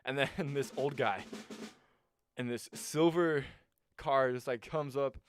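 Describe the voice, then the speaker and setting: A young man in his twenties recounts a story on a casual podcast. His voice sits in a middle register, and he tells it in a lively, profane way with bursts of laughter. Faint music plays underneath. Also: mid-range voice, takes it slowly. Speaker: podcast co-host.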